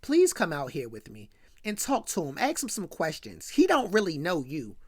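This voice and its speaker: A woman's voice: on the low side, huge pitch swings, normal speed, breathy edge, pitched below the performer's own voice, heavily acted. A woman putting on a flustered middle-aged male police officer who pleads nervously. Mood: pleading.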